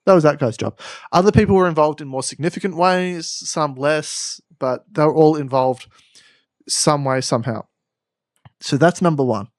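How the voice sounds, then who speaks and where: Aussie guy rambling thru a story on a podcast, bit high pitched, dry close mic. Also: normal speed, no room sound. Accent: Australian. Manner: rambling, playful, self-correcting. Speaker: podcast co-host. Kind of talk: comedic storytelling chat.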